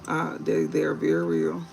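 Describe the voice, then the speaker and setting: A young man hosting a live tarot reading stream, talking in a calm, low-key, casual way with slang. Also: moderate pace, vocal fry, poor audio.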